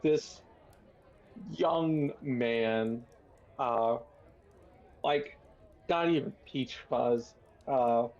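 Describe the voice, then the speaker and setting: A man with a gravelly, husky voice narrating a tabletop game as game master, unhurried and descriptive. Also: medium pitch, a little mellow, lo-fi sound. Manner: unhurried, descriptive, many fillers.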